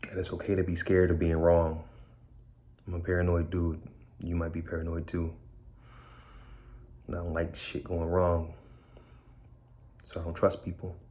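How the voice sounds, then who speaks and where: Indoors in a borrowed house, a man tells his own story in blunt, streetwise, candid talk, returning again and again to key phrases. He speaks at normal speed in a low, dark, monotone voice, leaving long pauses.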